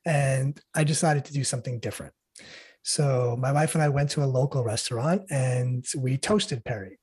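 A middle-aged man speaking earnestly and haltingly as a guest in an interview. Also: medium pitch, darkish tone, husky. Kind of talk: emotional interview talk.

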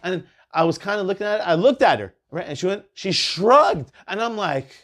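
High-pitched and a little fast, a male podcast host swaps stories in relaxed conversation, swearing liberally as he animatedly narrates.

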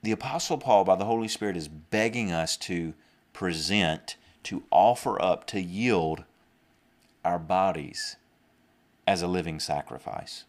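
A young man with a Southern US accent delivers a podcast sermon in a very low-pitched voice. He preaches earnestly, circling back to repeat and rephrase his points as he goes. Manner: earnest, repeats and restarts phrases, mocks drawl in asides.

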